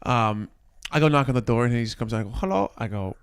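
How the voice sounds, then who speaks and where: A man co-hosting a casual podcast, telling a neighbor story with lively play-acting of each person. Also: medium pitch, a little fast, smooth, no echo. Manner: animated storyteller, acts out neighbors with a put-on accent. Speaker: podcast co-host. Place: city apartment.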